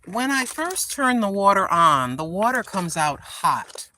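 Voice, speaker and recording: An older woman chats away to her viewers from an outdoor garden, speaking into a phone she holds in her hand. She sounds tired, yet her voice is bright and forceful, and she keeps talking to herself and calling herself Granny. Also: mid-range voice, sing-song, measured pace, slight background noise. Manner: chatty, self-talking, calls herself Granny. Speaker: vlogger. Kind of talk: casual chat to viewers. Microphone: handheld phone camera.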